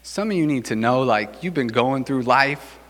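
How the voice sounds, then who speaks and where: Bright-voiced man preaching casually. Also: medium pitch, expressive, moderate pace, big-room sound. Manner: casual, joking, conversational preaching. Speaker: pastor. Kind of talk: sermon.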